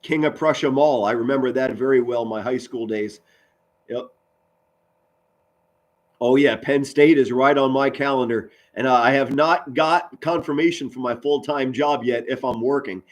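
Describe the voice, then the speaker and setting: A man, doing loud live football play-by-play and chatting with viewers. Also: mid-range voice, moderate pace. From Pennsylvania, US. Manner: loud, excitable, swings from mutters to shouts. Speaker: sports commentary streamer.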